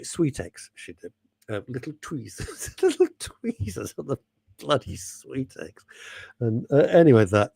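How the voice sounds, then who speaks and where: A man rambling through his radio show with a lively, swooping voice that jumps up and down as he goes. He chats, drifts off topic and laughs at his own slips. The sound is dry and close, with no room in it. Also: medium pitch, no room sound. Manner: chatty, digressive, laughs at himself; reads out listener messages and names. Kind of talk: casual rambling radio chat.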